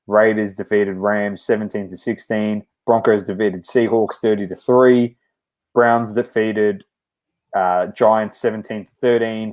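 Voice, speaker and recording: A man co-hosting a sports chat show, running through results and schedules in an even, list-like way. His voice sits a little low. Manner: steady, reads off scores in a brisk list. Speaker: podcast co-host.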